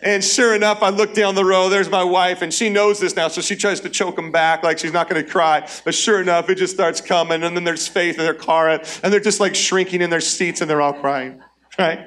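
High-voiced pastor preaching with humor. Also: male voice, fairly even intonation, brisk, fairly bright tone. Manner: conversational and humorous, calls to the congregation. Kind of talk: sermon. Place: church auditorium.

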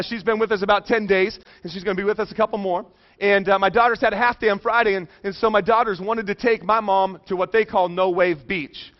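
A middle-aged man preaching a sermon, telling a personal story with jokes and dropping soft and low for serious moments. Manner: animated, joking, drops soft and low for emotional parts. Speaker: pastor. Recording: dull lo-fi sound.

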